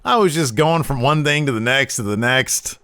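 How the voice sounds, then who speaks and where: A man's voice: mid-range voice, normal speed. A middle-aged man co-hosting a podcast, chatting casually through a wrestling recap and acting out what the wrestlers said. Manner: animated, acts out wrestlers' lines in put-on voices. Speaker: podcast co-host.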